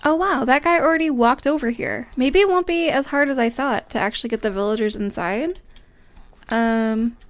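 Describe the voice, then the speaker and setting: A young woman giving casual let's-play commentary as a gaming host, bubbly and chatty, talking to the game characters and breaking into excited squeals. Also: sits high, moderate pace.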